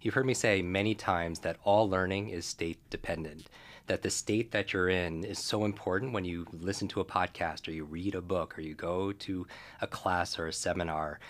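Deep-voiced enthusiastic male podcast host. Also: steady tone, moderate pace, a bit bright. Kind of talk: casual interview chat.

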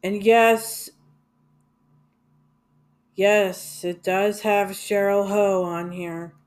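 A woman talks slowly and unhurriedly in a casual monologue about music. She rambles, stops for fillers and restarts, and swears now and then in a blunt, offhand way. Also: mid-range voice, flat delivery. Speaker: music vlogger.

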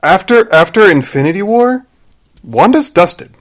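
A man's voice: high-pitched, big pitch swings, measured pace. A man with an ordinary mid-range voice talks on a casual podcast. He keeps cutting in to add his own points and to correct the others. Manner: jumps in to add points and interrupts. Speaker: podcast co-host. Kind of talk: casual chat.

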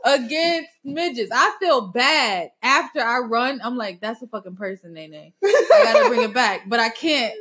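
High animated young woman storyteller. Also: normal speed. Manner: animated, laughing, profane. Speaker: podcast host. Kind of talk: casual storytelling chat.

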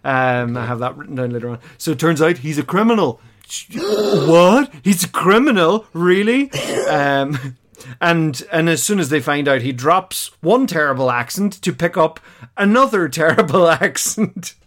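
A slightly high-voiced man talks through an episode in a loose, chatty way, stopping and restarting often and laughing as he goes. He sounds like a podcast co-host reacting to a show for the first time. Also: expressive, moderate pace, a bit bright. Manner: chatty and hesitant, lots of fillers, laughs as he talks. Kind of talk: casual chat, recapping an episode.

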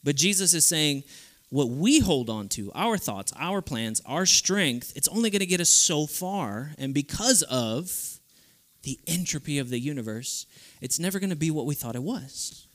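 A man with a fairly high voice preaches at a youth camp. His delivery is animated, and he slips into the voices of the people he quotes. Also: moderate pace. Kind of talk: sermon.

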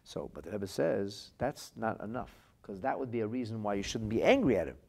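Gravelly, animated rabbi teaching. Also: male voice, lowish voice, brisk. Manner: explains texts, reading phrases aloud then translating. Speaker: rabbi teaching a Torah class. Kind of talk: lively text-based Torah lesson.

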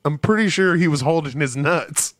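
A man's voice: on the high side, animated, normal speed, no echo, studio quality. A man co-hosting a podcast in casual chat, rambling and swearing. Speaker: podcast co-host.

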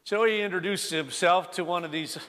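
A man's voice: sits high, brisk, a bit bright, long reverb tail. A middle-aged male pastor preaching a sermon in a church sanctuary, telling stories in a folksy way with many fillers and restarts.

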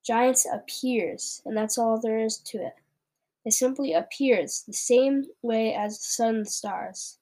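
A very old, gentle giant from a children's storybook, voiced by a woman reading aloud, spinning out his lines in a playful, unhurried way. The voice sits a little high and stays close to the reader's own. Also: fairly even intonation. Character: very old kindly male giant.

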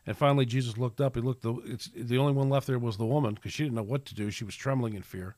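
A man talks through a casual solo podcast in a preachy, rambling way, starting over and filling gaps as he goes. His voice sits at a middling pitch. The close recording is dry, with no room sound around it. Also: fairly even intonation, quick pace, a little mellow, dry recording. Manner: rambling, preachy, with many restarts and fillers. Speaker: podcast host.

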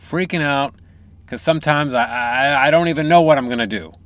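A man's voice: medium pitch, a little fast, a bit bright, no room sound. A man hosting a comedy podcast, ranting in a profane, hammy, theatrical way. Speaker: podcast host.

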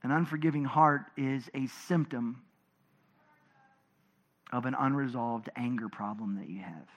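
A pastor preaching a sermon to his congregation, animated, swinging between loud emphatic passages and low, quiet ones. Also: a little slow, muffled recording.

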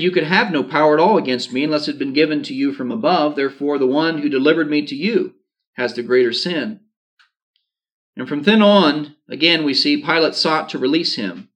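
A man's voice: on the high side, a bit bright. A man preaching a sermon, reading scripture aloud and adding informal asides. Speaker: pastor.

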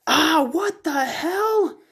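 A man puts on a badly wounded hunter, his voice pitched far above normal and stretched out slowly as he cries out in pain. Each word is strained and dragged, the sound of someone bleeding on the forest floor in a comic storybook reading. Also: animated, sharp tone, full character voice. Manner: pained, slow, strained cries. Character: wounded male hunter in a ghillie suit, dying.

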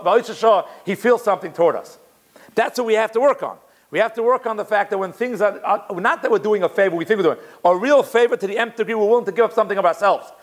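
A man teaching a Torah class in a lively, conversational way, weaving Hebrew quotations into plain talk. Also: sits high. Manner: animated, conversational, mixes Hebrew quotes in.

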